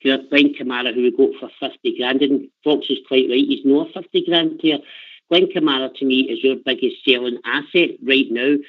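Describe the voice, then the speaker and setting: A man's voice: medium pitch, moderate pace. Passionate older Scottish man on a phone line. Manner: passionate, emotional, repeats himself. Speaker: caller. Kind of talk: phone-in chat.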